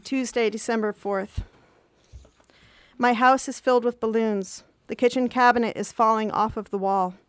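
A woman in her thirties reading her own diary entries aloud in a calm, measured, reflective way. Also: on the high side, clear, resonant tone, no room sound. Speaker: reader of her own journal.

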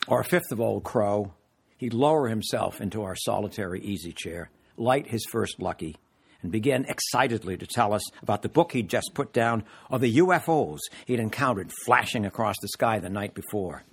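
An older man reading from his own memoir to a live audience in a measured, deliberate way, with occasional hesitations. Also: fairly low pitch, vocal fry, breathy edge.

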